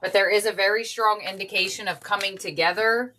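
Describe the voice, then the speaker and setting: A woman's voice: mid-range voice, fairly even intonation, brisk, bright, forceful tone, a little hiss or hum. A woman giving a casual tarot reading, chatty and heartfelt, thinking aloud as she goes. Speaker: tarot reader.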